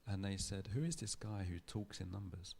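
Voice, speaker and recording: Low gravelly man giving a lecture. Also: darkish tone, a little hiss or hum. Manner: thoughtful, measured storytelling with restarts. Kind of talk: public lecture. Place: lecture hall.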